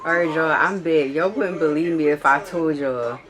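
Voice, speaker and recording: Low-voiced sassy woman telling a story. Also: normal speed, crowd noise. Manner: blunt, profane and sassy. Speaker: vlogger. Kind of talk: casual storytime.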